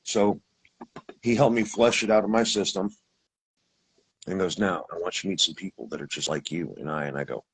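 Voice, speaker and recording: A man recounts his experience in a husky, slightly low voice. He rambles, restarts his sentences and acts out what others said as he talks. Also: brisk, pauses often, poor audio. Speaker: guest telling his experience. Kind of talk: casual storytelling.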